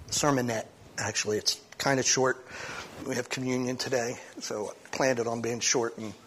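A pastor reading a psalm aloud and then preaching a short sermon at a church service, talking conversationally with frequent restarts. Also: male voice, medium pitch, slight background noise. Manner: conversational, with frequent restarts and sudden swings in loudness.

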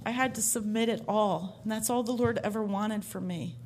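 A woman's voice: mid-range voice, normal speed, a little mellow, a little hiss or hum. A woman giving a heartfelt personal faith testimony to a church congregation, telling her story earnestly from the stage.

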